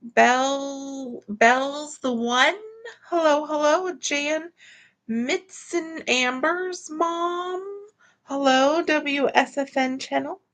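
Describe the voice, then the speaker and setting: A woman's voice: high voice, extremely slow, fairly bright tone. A tired woman hosts a casual livestream from home, greeting viewers by name. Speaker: livestream host.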